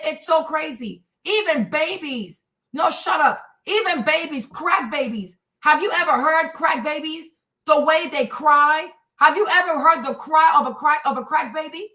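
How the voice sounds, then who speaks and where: A woman in her thirties hosting a livestream, ranting at her chat in a combative, profane, mocking way with loud, emphatic repetition. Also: high-pitched. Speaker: livestream host.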